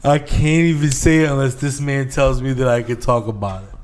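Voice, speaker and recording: A man's voice: medium pitch, steady tone, brisk, darkish tone. Teasing man spinning a story. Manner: teasing storyteller, laughs often. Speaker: podcast co-host. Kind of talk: casual podcast banter.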